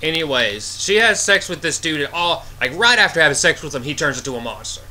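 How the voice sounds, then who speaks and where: Exasperated rambling guy, bright voice. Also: a little high, expressive, fairly quick. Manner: rambling and exasperated, heavy use of filler words. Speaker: movie reviewer. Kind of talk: casual spoken review.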